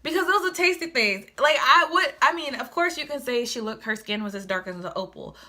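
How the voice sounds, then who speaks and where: Sassy, bright-voiced woman book reviewer. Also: a little high, fairly quick. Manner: sassy, chatty, animated asides. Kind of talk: casual book review vlog.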